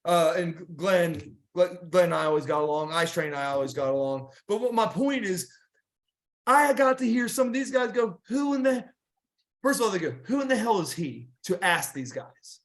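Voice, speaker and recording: A man's voice: sits high, lively intonation, moderate pace, a bit bright. A middle-aged man telling rambling wrestling stories in a casual interview, with many restarts and fillers. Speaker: guest wrestler.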